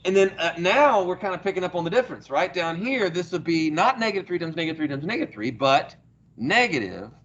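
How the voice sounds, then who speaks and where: Lively math teacher quizzing his class. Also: sits high, fast, dull audio. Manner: asks the class questions and praises answers. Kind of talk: classroom lecture. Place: classroom, heard through a small speaker.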